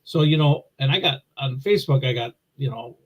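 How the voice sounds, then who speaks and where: A man's voice: mid-range voice, fairly quick, highs cut off. A man from Wisconsin, a drag racer, talking as a podcast guest in a rambling, plainspoken way that often repeats itself. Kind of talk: casual podcast interview. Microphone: remote video call.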